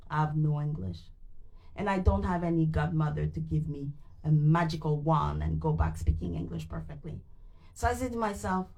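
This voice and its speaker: A gravelly, low-sitting voice belongs to a tired woman reading a book aloud on a live stream. She's a native French speaker with a French Canadian accent who speaks into a mic, animated and retrying hard words again and again.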